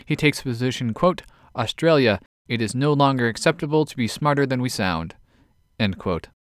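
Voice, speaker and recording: A man reads quirky news items from a script as the host of a weekly podcast. His voice sits in a middle register, and he keeps an even, measured delivery as he reads quotes aloud. The recording is close and dry, with no room sound. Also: mid-range voice, dry recording.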